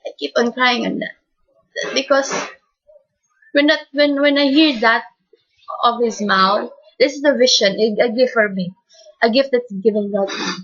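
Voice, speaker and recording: A woman giving an emotional faith testimony in a soft, tearful voice, halting and repeating her words. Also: a little high. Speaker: speaker giving a personal testimony. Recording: dull lo-fi recording.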